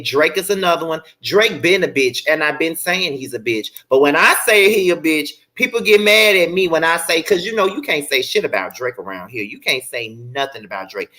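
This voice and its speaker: High, bright-voiced man ranting. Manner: blunt, profane, heated; repeats lines for emphasis. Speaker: show host. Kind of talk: ranting commentary livestream.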